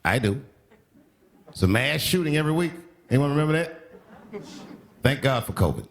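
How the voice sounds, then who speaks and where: A male stand-up comedian doing a monologue. He swings between deadpan and sharp outbursts. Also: mid-range voice, moderate pace, creaky. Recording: TV broadcast with live audience laughter. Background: studio audience laughing.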